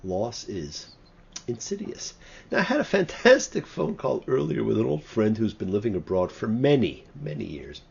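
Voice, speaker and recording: Gravelly, husky man giving a sermon. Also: lowish voice, moderate pace, highs cut off. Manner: expressive, dramatic scripture reading with emphatic swings. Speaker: rabbi. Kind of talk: sermon-style show talk.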